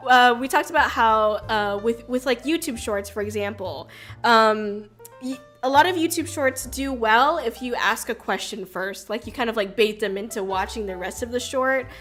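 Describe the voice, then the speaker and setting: A woman's voice: a little high, moderate pace, fairly bright tone, faint music behind. A woman streamer talking in a casual, rambling way, full of fillers and restarts, with the odd swear word. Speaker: VTuber streamer. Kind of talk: casual chat.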